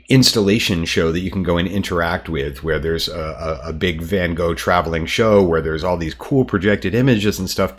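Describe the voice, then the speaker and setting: An American man, an artist and art teacher, talking casually to camera in his studio, relaxed and chatty with frequent ums. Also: sits low, breathy edge. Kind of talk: casual explanatory talk to camera.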